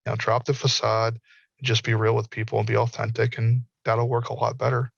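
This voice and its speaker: Middle aged guy on a video call panel, gravelly voice, tells stories and does the quotes, kinda muffled dry audio. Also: mid-range voice, completely flat delivery, fairly quick, no echo. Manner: candid storyteller, acts out quotes. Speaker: panelist, virtual worlds researcher. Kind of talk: online panel discussion.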